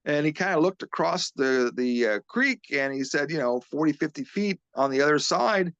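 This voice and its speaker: A man, a physical therapist, being interviewed as a guest and earnestly retelling a witness's story, halting and restarting often. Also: fairly high pitch, expressive, a bit bright, no echo, muffled recording.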